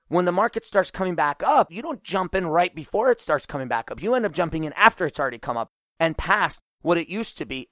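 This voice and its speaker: A middle-aged man hosting a podcast, talking casually and acting out quoted voices with lively swings. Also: fairly high pitch, no room sound, studio quality. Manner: animated, acts out quoted voices. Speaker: podcast host.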